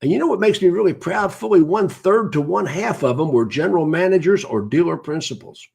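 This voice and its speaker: A man's voice: sits high, lively intonation, fairly quick, creaky, a little mellow, husky. A man, hosting a live broadcast in a casual, rambling way and greeting viewers by name as he goes.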